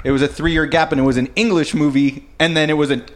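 A man's voice: a little high, steady tone, fast, slight background noise. A man co-hosting a casual podcast, teasing and laughing often. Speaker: podcast co-host. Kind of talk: casual banter.

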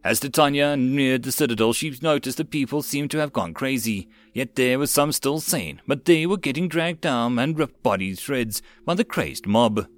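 A man reading a web novel audiobook in a steady narrating voice. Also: medium pitch, normal speed, few pauses, no echo.

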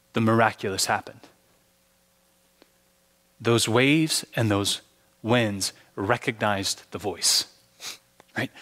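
A man's voice: lowish voice, fairly bright tone. A male pastor preaching a sermon with earnest, dramatic storytelling. He often repeats words as he starts his sentences. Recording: long hall reverb.

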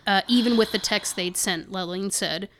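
A woman's voice: medium pitch, moderate pace, a bit bright, slight background noise. A woman co-hosting a casual podcast, reading news excerpts aloud and adding indignant, sarcastic comments. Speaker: podcast co-host.

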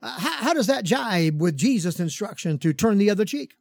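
High-voiced opinionated male radio pastor. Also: animated, brisk, vocal fry, a little mellow, no echo, clean studio sound. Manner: opinionated, conversational, frequent fillers and chuckles. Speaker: pastor and radio show host. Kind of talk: radio commentary monologue.

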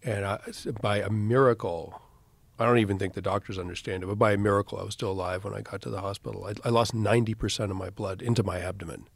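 Low gravelly man, guest on a podcast. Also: fairly even intonation, no echo. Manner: measured recounting with fillers. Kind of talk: casual interview talk.

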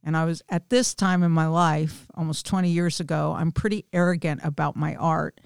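Smooth-voiced woman telling her story. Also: deep voice, steady tone, moderate pace, no room sound, studio quality. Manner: candid, self-deprecating storyteller. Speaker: small group leader, guest. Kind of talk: personal testimony in casual chat.

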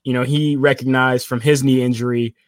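A man's voice: mid-range voice, level tone, a little fast, dry recording, clean studio sound. A man co-hosting a sports technology podcast, talking at length with restarts and self-corrections. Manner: rambling, self-correcting, playful aside. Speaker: podcast co-host. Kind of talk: casual sports tech chat.

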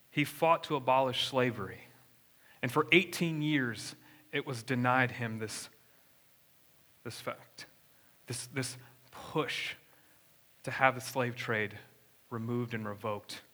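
This young pastor's sermon in the church sanctuary is conversational, and he engages the room with questions. He speaks unhurriedly in a medium-pitched, fairly bright voice, pausing often.

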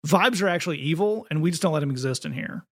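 A man's voice: fairly high pitch, lively intonation, quick pace. A man co-hosting a podcast in casual chat, wry and talkative, often restarting his sentences. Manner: chatty, wry, repeats words as he starts sentences. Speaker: podcast co-host.

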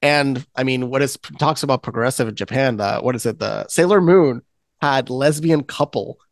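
A man's voice: mid-range voice, moderate pace, no echo. A man hosting a casual podcast chat, rambling with many restarts. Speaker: podcast host.

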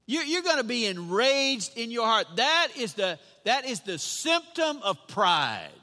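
A pastor preaches in a very high, lively voice that rises and falls. He drives his points home by repeating lines and firing questions at the congregation. The sound is piercingly bright, carried on the long reverb of a church hall. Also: measured pace. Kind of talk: sermon.

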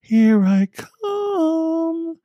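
Male narrator doing a creepy ghost girl turning into a growling demon, mocking, drawn-out horror story voice. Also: very high-pitched, very animated, no echo, highs cut off, voice pushed up, full character voice. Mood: taunting. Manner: taunting, mocking, slow and drawn out.

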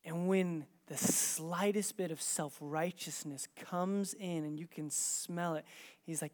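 High-voiced man preaching with raw emotion. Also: steady tone, slow. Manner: emotional storytelling, swinging from hushed near-whispers to loud, intense emphasis; casual, with many "like" fillers. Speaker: pastor. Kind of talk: sermon.

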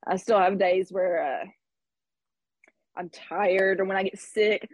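A woman's voice: mid-range voice, steady tone, takes it slowly, a little mellow, slightly rough, no echo. A woman in her thirties telling a personal story in conversation, candid and reflective, with laughs between thoughts. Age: 30s. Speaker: guest.

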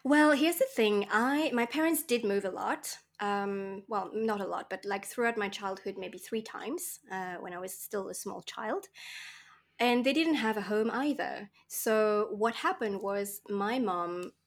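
A woman from Mauritius telling lively stories as a guest in a casual interview, acting out the people she met. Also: mid-range voice, unhurried. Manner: animated storyteller, acts out voices and laughs often. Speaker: podcast guest.

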